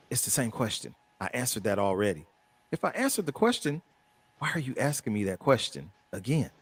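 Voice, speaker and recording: A man's voice: medium pitch, very animated, normal speed, pauses often, husky. A man on a casual panel talk, exasperated and repeating his point for emphasis.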